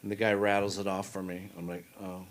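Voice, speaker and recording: An older man, a comedian guest, telling stories in a casual interview, soft-spoken and acting out the voices of people he quotes. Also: low voice, little pitch movement, fairly quick. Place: studio talk set.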